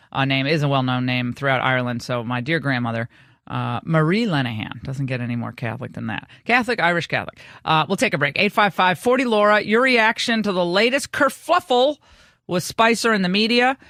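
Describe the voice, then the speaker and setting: A woman hosting a talk show, brisk, teasing and opinionated as she chats with callers and guests. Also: low voice, fairly bright tone, dry recording, studio quality. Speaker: talk radio host. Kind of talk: opinionated talk radio monologue and chat.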